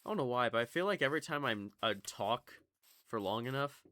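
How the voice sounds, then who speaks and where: A man's voice: mid-range voice, animated, brisk, pushed and bright, slight background noise. A young man with a slight Southern US accent from Kentucky, rambling and swearing through casual gameplay commentary. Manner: rambling, swearing, jumpy, chatty. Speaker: gaming YouTuber.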